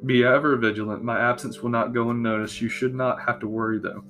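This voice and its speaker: A man's voice: medium pitch, little pitch movement, fairly quick, fairly bright tone, faint music behind, lightly acted. A man voicing a solemn, wise male dragon elder who speaks in formal, ceremonial tones.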